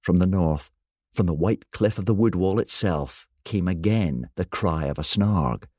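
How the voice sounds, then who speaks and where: A man's voice: low voice, expressive, unhurried, no echo, studio quality. A man reading a children's fantasy story aloud, acting out the characters' lines dramatically. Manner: dramatic, lifts his voice for shouted lines. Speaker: guest reader.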